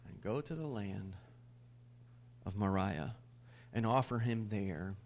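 Preaching slowly over slight background noise, this male pastor throws questions at the congregation and tosses in funny asides. His voice jumps far higher and louder as he takes on the roles of scripture characters.

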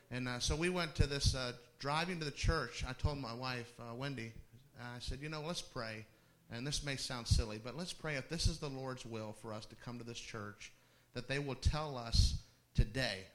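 A middle-aged man preaches in a relaxed, storytelling way, his voice sitting at an ordinary male pitch. He talks to the congregation like friends, restarting sentences and slipping in amused asides. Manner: conversational, with laughing asides and restarts. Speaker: pastor. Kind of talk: sermon storytelling.

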